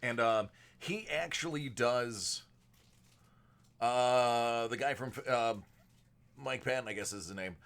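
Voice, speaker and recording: A man hosting a live card-break stream, chatting casually with viewers and moving between a projected announcer voice and a softer everyday voice. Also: medium pitch, slow, pauses often, clean tone. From United States. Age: adult with a young son. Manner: chatty, answers viewers by name.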